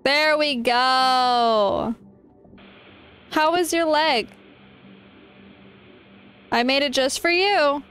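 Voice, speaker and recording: A woman's voice: sits high, drawn-out words, pauses often, a bit bright, faint music behind. A woman streaming a game live, reacting playfully and swearing often. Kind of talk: live gameplay commentary.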